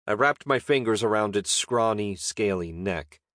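A man reads a fantasy story in a wry, deadpan voice. His tone sits low and steady. The sound is close and dry, with no room around it. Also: a little slow, no echo. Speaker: narrator. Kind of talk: audiobook narration.

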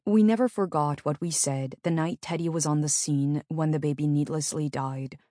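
Low-voiced woman reading her memoir. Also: mellow, no echo, studio quality. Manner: earnest, measured storytelling. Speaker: memoir narrator. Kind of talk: audiobook memoir narration.

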